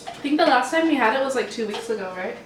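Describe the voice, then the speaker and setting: Young woman, fairly high voice, rambling casual chat, roomy room, mic set back. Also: animated, fast talker, distant mic, slight background noise. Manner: chatty, rambling, laid-back. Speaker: mukbang host. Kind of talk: casual chat while eating. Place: home, eating at a table.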